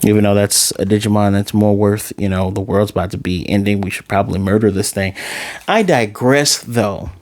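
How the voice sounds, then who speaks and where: A man casually recapping and reviewing an anime episode, acting out character lines with dramatic, exasperated reactions. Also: lowish voice. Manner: animated, acts out character lines in quick snippets.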